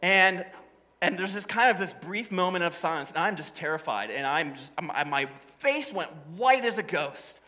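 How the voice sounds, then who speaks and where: A man's voice: high voice, lively intonation, normal speed, sharp tone, poor audio. A man preaching a sermon to his congregation, telling stories in a humorous, conversational way. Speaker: pastor. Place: church service before a congregation.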